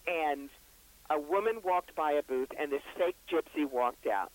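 A man with a brisk, wry storytelling manner, the psychic author and reverend being interviewed on a radio show. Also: a little high, no room sound, low-quality recording. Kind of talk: interview guest.

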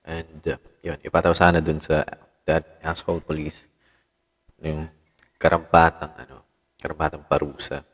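A man's voice: extremely low pitch, level tone, moderate pace, long pauses, a bit bright, in a large hall. A Filipino man with a Filipino accent hosting a casual solo podcast, rambling, switching languages and swearing often as he reads the news. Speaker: podcast host.

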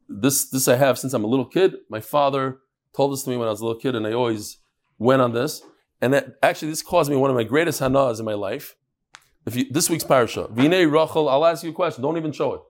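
A man, teaching a Talmud class and telling stories with Hebrew and Yiddish terms. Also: fairly high pitch.

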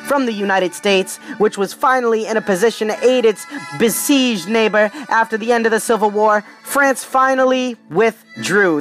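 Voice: mid-range voice, moderate pace, soft background music. Hyped, slangy podcast host. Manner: hyped, playful, streetwise slang, repeats "ladies and gentlemen". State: a little tipsy. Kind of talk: casual podcast reading history with joking asides.

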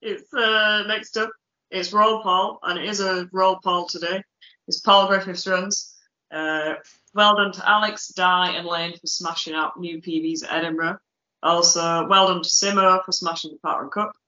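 Podcast co-host, bright tense voice, roomy echo, dull sound. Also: mid-range voice, steady tone, moderate pace. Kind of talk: casual chat reading shout-outs.

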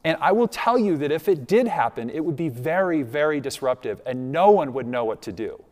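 A man preaches a sermon in a fairly high, expressive voice that moves fairly quickly and sounds a little mellow. He checks in conversationally with the congregation, asking "right?", and the church sanctuary adds a long, hall-like reverb.

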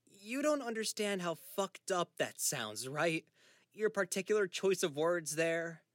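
A grieving adult son, anxious and raw, who pleads and slips into sarcasm, as a man voices him in an audiobook. His voice rides high and swings widely. It is a close, dry recording. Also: big pitch swings, a little slow, fairly bright tone, no room sound, exaggerated voice. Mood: pleading, upset.

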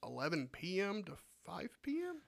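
Alabama podcast co-host, raised-pitch male voice, crude joker, laughs a lot. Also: wildly swooping pitch, moderate pace, gravelly. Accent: Alabama Southern. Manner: crude, joking, laughs often. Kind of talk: casual chat.

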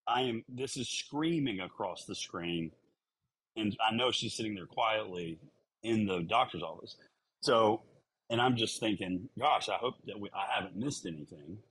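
A man co-hosting a podcast, calmly explaining his side in casual chat. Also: fairly low pitch, slightly rough, poor audio. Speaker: podcast co-host, coach.

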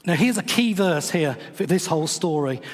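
A man's voice: fairly high pitch, lively intonation, moderate pace, long reverb tail. A man, retelling a Bible story in a chatty, wry way with playful asides, as a podcast host. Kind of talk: casual devotional storytelling.

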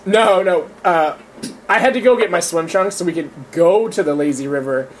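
A man's voice: high voice, moderate pace, slight background noise. A young man casually telling a profane, laughing story to friends. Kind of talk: casual chat.

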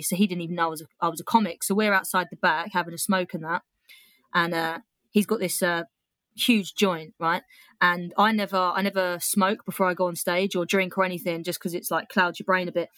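A woman's voice: on the low side, fairly bright tone, dry recording. A young British woman, a comedian and poet, telling a story casually with swearing and laughter, then reading a poem aloud. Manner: chatty, swears freely, laughs between lines.

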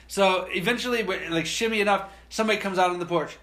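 A man co-hosting a podcast who tells a story in an animated, profane way, acting out the voices as he goes. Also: high-pitched, fast talker. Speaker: podcast co-host. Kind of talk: casual storytelling.

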